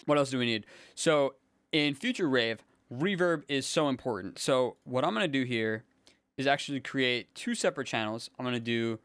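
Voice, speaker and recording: A young man, a music producer, casually thinking aloud in a relaxed, slangy way as he builds a track in his home studio. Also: mid-range voice, moderate pace, clear, resonant tone, dry recording. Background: faint synth music playing.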